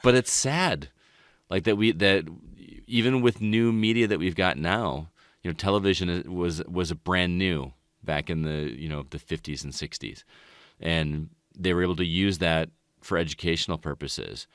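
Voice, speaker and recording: A man's voice: low voice, moderate pace, fairly bright tone, no room sound, studio quality. A man who teaches, talking earnestly and at length in a casual podcast chat. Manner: earnest, rambling, reflective.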